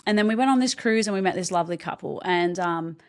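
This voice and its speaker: A young adult woman speaking as a podcast guest, telling her own story in a lowish voice. She talks candidly and haltingly, stopping to restart her sentences and filling pauses with ums. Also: darkish tone. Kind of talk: personal story told in an interview.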